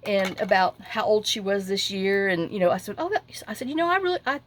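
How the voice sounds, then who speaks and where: A middle-aged woman, chatting casually as she crafts at her desk at home and rambling through a lively story with lots of asides. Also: medium pitch, a little fast, slight background noise. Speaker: crafting vlogger.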